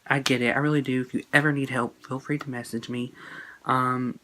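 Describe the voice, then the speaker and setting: A man's voice: medium pitch, flat delivery, a little fast, pushed and bright, a little hiss or hum, poor audio. A young man vlogging a personal breakup story to his phone camera, earnest and emotional, rambling with fillers and quoted texts. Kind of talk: casual storytime monologue.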